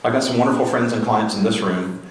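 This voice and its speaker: A fast-talking man with a low-leaning voice urges on a live crowd with repeated rallying questions at a grassroots political gathering. The event room recording is very echoey, with faint background noise.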